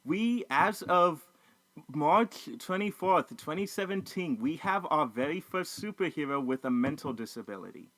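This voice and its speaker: A man co-hosting a casual movie review, animated and profane, slipping into quick voices of the characters. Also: fairly high pitch, no echo.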